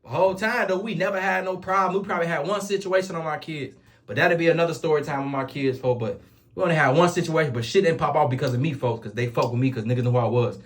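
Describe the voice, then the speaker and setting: A man with a Chicago accent tells a story in loose, casual street talk. He speaks very quickly in a slightly high voice. He keeps swearing oaths between his sentences. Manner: rapid, animated street slang with repeated oaths. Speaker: storyteller vlogger.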